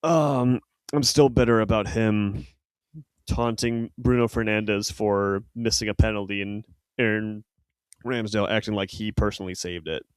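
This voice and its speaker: Male podcast co-host, loose and rambling, slightly low voice. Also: fairly even intonation, moderate pace, clear, resonant tone, dry recording. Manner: rambling, filler-heavy, self-correcting. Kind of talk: casual football chat.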